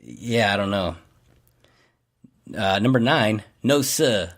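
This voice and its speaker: Man, lowish voice, casual podcast co-host, jokey, laughs a lot. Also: lively intonation, slow pace. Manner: loose and jokey, laughs often, reads out a list. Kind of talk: casual chat.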